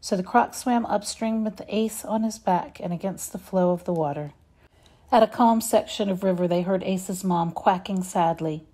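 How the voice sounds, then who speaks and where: A woman reading a children's story aloud, expressive and measured. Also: mid-range voice. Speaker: reader.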